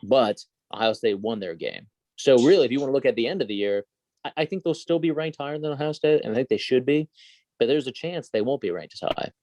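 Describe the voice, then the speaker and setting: A man's voice: mid-range voice, fast talker, darkish tone, no echo. A man co-hosting a podcast in casual sports chat, rambling and hedging through trivia asides. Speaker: podcast co-host.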